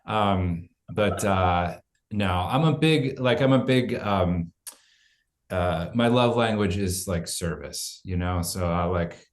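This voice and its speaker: Man, lowish voice, wry self-deprecating humor, halting answers. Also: roomy sound. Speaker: actor guest. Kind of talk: video interview answers.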